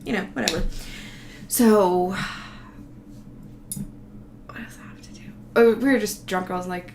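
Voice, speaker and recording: A vlogger, a woman with a medium-pitched, darkish voice, tells a travel story in a profane, sarcastic, rambling way. She speaks with fairly even intonation at a measured pace, pausing often, in a roomy, echoey recording with faint background noise.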